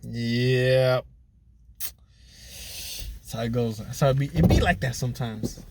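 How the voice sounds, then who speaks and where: A young man co-hosting a casual podcast over drinks, animated and acting out quotes with laughter. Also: medium pitch, takes it slowly, heavy background noise. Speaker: podcast co-host.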